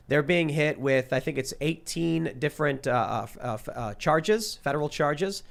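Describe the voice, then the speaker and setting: A man's voice: on the high side, normal speed, gravelly, hardly any pauses. A man hosting a podcast panel, talking casually and jokingly and reading news stories aloud. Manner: animated, jokey, reads news stories aloud. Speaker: podcast host.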